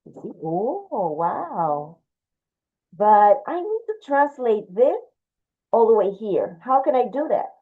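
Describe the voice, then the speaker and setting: A woman's voice: on the high side, sing-song, slow pace. Patient woman teaching drawing, tinny sound. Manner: patient, explains step by step, talks while drawing. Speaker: art teacher. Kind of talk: drawing lesson, demonstrating. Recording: tinny phone-like audio.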